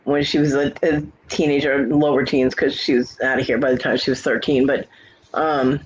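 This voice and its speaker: A woman's voice: a bass voice, little pitch movement, normal speed, muffled recording, slight background noise. A woman host in casual chat, bluntly telling salty family stories with a laugh.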